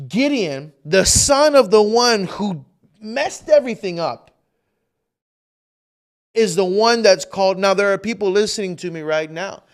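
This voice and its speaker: A man's voice: high-pitched, clear, resonant tone. A male pastor preaching a livestreamed sermon with fervent intensity, repeating phrases for emphasis.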